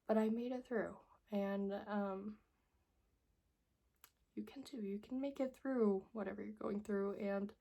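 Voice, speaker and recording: Emotional young woman, husky and gravelly. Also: mid-range voice, fairly even intonation, unhurried, pauses often, dark tone. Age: young adult. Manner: emotional, earnest, pleading. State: tearful. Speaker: vlogger. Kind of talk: personal story vlog.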